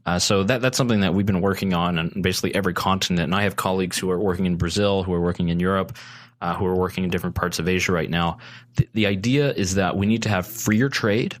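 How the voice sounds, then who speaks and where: A man's voice: sits low, fast talker. A man talking as a podcast guest, earnest and persuasive, often restarting his sentences. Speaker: guest, consumer advocate. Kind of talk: casual podcast chat.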